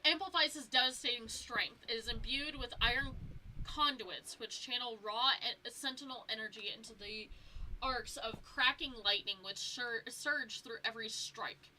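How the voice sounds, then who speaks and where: A young woman streaming a game, talking casually with her chat and reading item lore aloud, tripping over hard words. Her voice is very bright and a touch high. A faint hiss of noise sits under the recording. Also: moderate pace, low-quality recording. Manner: chatty, stumbles over words while reading.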